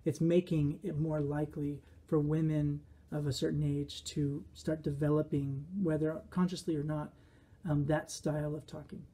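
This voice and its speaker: Mellow, husky-voiced man musing. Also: a little high, little pitch movement, moderate pace. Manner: rambling, reflective, with quoted asides. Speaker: behaviorist commentator. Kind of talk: casual commentary.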